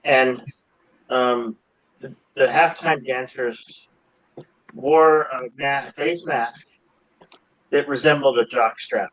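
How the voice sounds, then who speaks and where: A man co-hosting a podcast, chatting casually, halting and repeating his words. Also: medium pitch, fairly even intonation, dry recording, muffled recording. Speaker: podcast co-host. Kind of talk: casual chat.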